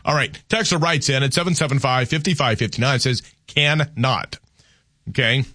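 A man's voice: mid-range voice, quick pace, sharp tone, no echo, clean studio sound. A man hosting a morning radio show, chatting casually with many restarts and jokes. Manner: rambling, many restarts, joking. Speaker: radio host. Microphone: studio microphone.

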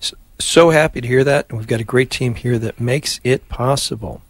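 A male radio host leading the rosary in steady call-and-response and giving relaxed, chatty announcements on a live prayer broadcast. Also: medium pitch, moderate pace, dry recording.

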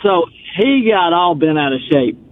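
A man's voice: on the high side, sing-song, normal speed, dry recording. A man calling in to a radio show, telling a story in a folksy, rambling way. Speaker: radio caller. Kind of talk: casual storytelling on a call-in show. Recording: tinny phone line.

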